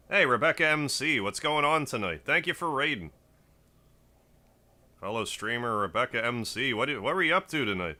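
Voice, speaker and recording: A man's voice: medium pitch, expressive, normal speed, pushed and bright. A man chatting casually on a game livestream, greeting viewers by name between play. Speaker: game streamer. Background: faint game music.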